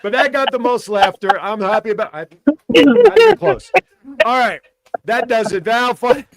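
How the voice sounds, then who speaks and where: Jokey high-voiced male radio host. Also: normal speed, a bit bright. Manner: jokey, repeats each punchline setup. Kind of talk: casual radio chat, telling dad jokes.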